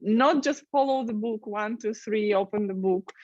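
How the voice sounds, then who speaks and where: A woman's voice: mid-range voice, normal speed, darkish tone, no room sound, muffled recording. A woman from Russia with a Russian accent, directing a language school, speaking hesitantly with many fillers in an interview. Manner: hesitant, many uh fillers, careful non-native phrasing. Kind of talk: interview guest.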